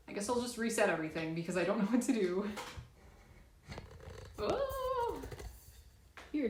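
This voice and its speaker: A woman's voice: mid-range voice, a little mellow, echoey room, slight background noise. A woman chatting casually on a live stream from a laundry room, a bit congested and sniffly, nervous and self-deprecating.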